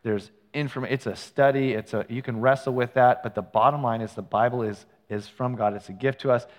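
Conversational pastor in a reverberant hall. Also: male voice, medium pitch. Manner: conversational, storytelling with asides and self-corrections. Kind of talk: sermon. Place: church sanctuary.

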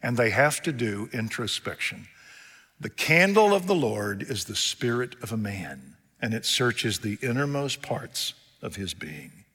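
A man preaching a sermon, retelling scripture scenes in plain speech and swinging from loud, urgent peaks to hushed lows. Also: sing-song, unhurried, husky, big-room sound.

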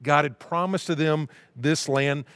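A man's voice: a little high, unhurried, a bit bright, clean tone, dry recording. A man preaching a sermon in a conversational, emphatic way, often repeating his key phrases. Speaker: pastor.

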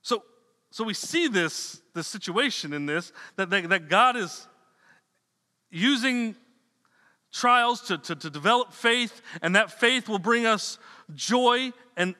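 A man's voice: high-pitched, animated, slow, bright, forceful tone. A man preaching a sermon in a loose, conversational way, repeating words and dropping slangy asides. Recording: long reverb of a hall.

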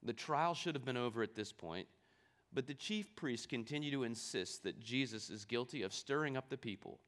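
A man's voice: medium pitch, lively intonation, normal speed, a bit bright. Man preaching an explanatory sermon. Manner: explanatory, asks the audience rhetorical questions. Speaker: pastor. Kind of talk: sermon with scripture reading.

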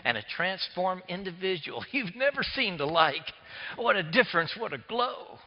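A man, preaching a sermon as a pastor, swinging between hushed near-whispers and loud emphatic passages. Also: high-pitched, very animated, normal speed. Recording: echoey hall, dull lo-fi sound.

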